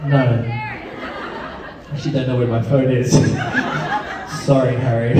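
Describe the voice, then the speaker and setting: A man's voice: mid-range voice, little pitch movement, slow, a crowd in the background, noisy background. A man answering fan questions at a convention panel, joking and laughing often. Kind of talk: casual panel Q&A with fans. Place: large convention hall. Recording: echoey hall, picked up from far off.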